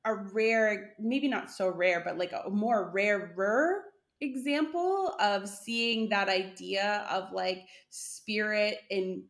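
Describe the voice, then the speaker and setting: A woman's voice: medium pitch, takes it slowly, few pauses, a bit bright. A woman co-hosting a podcast in a casual chat, talking loosely with many fillers and frequent laughs. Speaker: podcast co-host.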